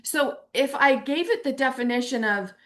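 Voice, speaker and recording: A woman speaking as a spiritual teacher, telling a personal story in a casual, animated way and acting out her own inner voice. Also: high-pitched, normal speed. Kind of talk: casual personal reflection to camera.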